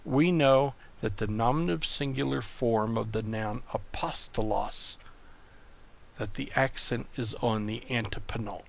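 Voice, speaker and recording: Guy tutoring online, slow and gravelly, patient, repeats stuff. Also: mid-range voice. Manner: patient, methodical explaining with repeated words. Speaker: Greek tutor. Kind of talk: recorded online lesson.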